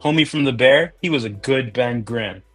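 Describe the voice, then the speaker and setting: A man's voice: medium pitch, normal speed, fairly bright tone, faint music behind. A man hosting a casual chat, rambling and joking through tangents.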